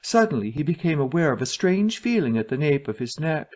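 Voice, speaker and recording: A man narrating a story for English learners in a steady, even reading voice. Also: fairly high pitch, brisk.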